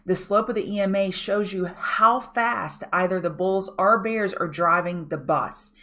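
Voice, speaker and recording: This pre-market show host speaks at mid pitch, a little slowly, with a slightly bright tone. Her live chart analysis is direct and coaching, and she often asks viewers to check the chart.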